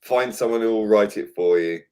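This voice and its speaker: A man's voice: on the low side, a little fast, warm tone. A man chatting on a live stream, making blunt, dry, mocking remarks. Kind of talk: casual live stream banter.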